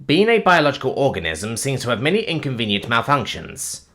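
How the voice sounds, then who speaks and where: A man's voice: medium pitch, wildly swooping pitch, a little fast, fairly bright tone. A man voicing a literal-minded, caring robot who speaks formally, with no contractions.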